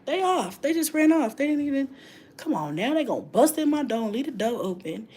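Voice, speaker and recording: A middle-aged woman and mom vlogger in casual live-stream chat, talking in a chatty, animated way and breaking off now and then to call out to her kids at home. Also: high-pitched, a little fast.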